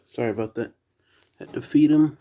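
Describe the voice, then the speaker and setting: A man with a slight Southern accent, chatting quietly through a toy unboxing at home late at night, keeping his voice down. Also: medium pitch, normal speed, lo-fi sound, slight background noise. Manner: soft, hushed indoor voice. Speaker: toy collector vlogger. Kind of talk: casual unboxing chat.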